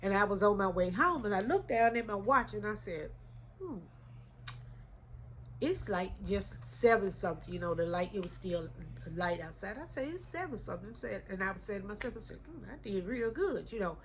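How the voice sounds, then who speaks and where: A woman's voice: medium pitch, expressive, moderate pace, a little hiss or hum. Heartfelt woman vlogging. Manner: heartfelt, addresses viewers as y'all. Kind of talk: emotional casual chat to viewers.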